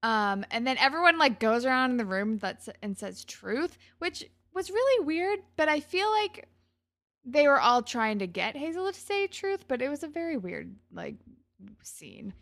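A woman's voice: high-pitched, big pitch swings, normal speed, a bit bright. A woman co-hosting a casual podcast, chatting and giggling as she recaps a TV episode. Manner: chatty, giggly, many "like" fillers. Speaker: podcast co-host.

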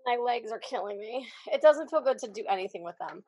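High-voiced chatty woman. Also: expressive, brisk, warm tone. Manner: chatty, rambling, searches for words. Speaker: podcast co-host. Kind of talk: casual chat.

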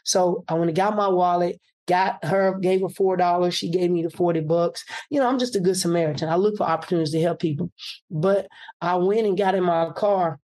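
A man's voice: high voice, brisk. A man, a political candidate, telling a personal story and acting out what people said. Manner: animated, acts out quoted speech.

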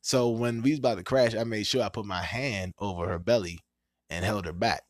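A man hosting a podcast, telling a story in casual, profane talk and acting out quotes with sudden leaps in pitch. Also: fairly quick, no room sound, studio quality. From Washington, D.C. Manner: animated, profane, acts out quotes with big pitch jumps. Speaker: podcast host.

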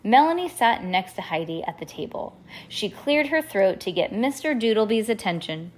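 A woman's voice: mid-range voice, lively intonation, moderate pace. A woman reading a children's storybook aloud to her child at home, stopping to chat along the way.

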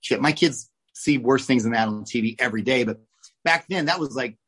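A man in his forties from Oklahoma, a guest telling lively, salty stories from his childhood in a casual interview. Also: mid-range voice, fairly quick, husky, low-quality recording. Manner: animated, swears, acts out quoted voices. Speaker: guest, oral surgeon.

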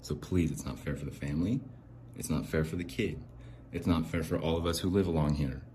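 A man hosting a podcast, ranting in exasperation, swearing and swinging between low mutters and sharp outbursts. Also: fairly quick, slight background noise. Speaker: podcast host. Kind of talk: angry ranting monologue. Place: home near a window.

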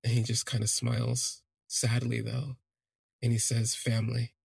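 A man narrates his own story for a podcast, thoughtful and a little hesitant, circling back on his words as he goes. His voice sits at a middling pitch with a gravelly, husky grain. The sound is close and dry. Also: completely flat delivery, measured pace, no echo. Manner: reflective, hesitant, frequent restarts. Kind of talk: first-person storytelling podcast.

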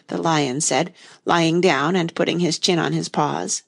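A woman reading a storybook aloud in an expressive, measured way. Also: sits low, creaky. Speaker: narrator.

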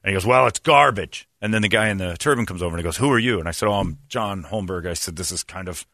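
A man's voice: sits low, racing, no room sound, clean studio sound. A man hosting a morning radio show, telling a long story in casual chat with many fillers. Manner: rambling, lots of "uh" fillers, animated retelling.

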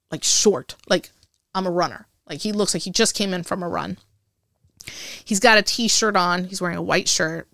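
A woman in her forties tells a story from her past as an interview guest, lively and chatty. Her voice carries a gravelly fry. The sound is close and dry, with no room around it. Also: on the low side, dry recording. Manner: animated storyteller who acts out remembered dialogue. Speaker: interview guest, Air Force veteran.

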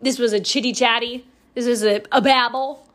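A young woman hosting her own podcast, telling a rambling personal story in a casual, animated way and swearing freely. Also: a little high, moderate pace. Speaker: podcast host.

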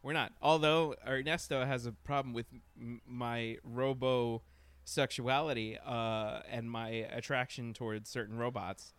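A man's voice: mid-range voice, little pitch movement, measured pace, a bit bright, clear, resonant tone, dry recording. A man co-hosting a podcast, bantering casually, joking, rambling and laughing often. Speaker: podcast co-host.

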